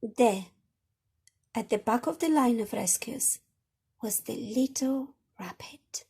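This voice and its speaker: Slow, lively woman reading storytime. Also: on the high side, creaky, breathy edge, faint music behind. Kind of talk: reading a children's picture book aloud.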